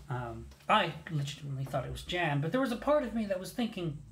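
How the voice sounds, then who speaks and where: Casual anecdote teller, middle pitch, rambling, self-correcting delivery. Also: lively intonation, quick pace, hardly any pauses, fairly bright tone. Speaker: storyteller.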